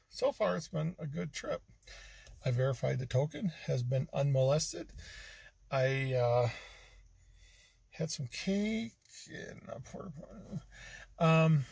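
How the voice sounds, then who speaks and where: A man's voice: mid-range voice, creaky, slightly rough, no echo. A man talking casually and rambling to his vlog camera from inside a car, with lots of ums. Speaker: vlogger on a treasure hunt road trip. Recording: noisy car cabin, from the mic. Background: loud road and engine noise.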